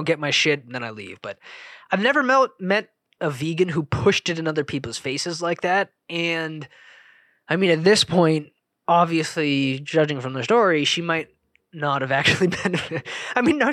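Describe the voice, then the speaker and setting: Podcast host, male, casual rambling monologue, heavy profanity, raised pitch, dry booth sound. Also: pushed and bright, no room sound. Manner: rambling, profane, self-interrupting.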